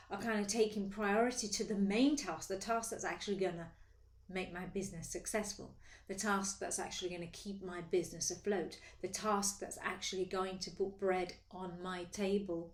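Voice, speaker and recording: A woman's voice: medium pitch, moderate pace. Woman coaching in an echoey office. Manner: lively, acts out inner voices. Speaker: sales coach. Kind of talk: casual motivational talk to camera. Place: her office.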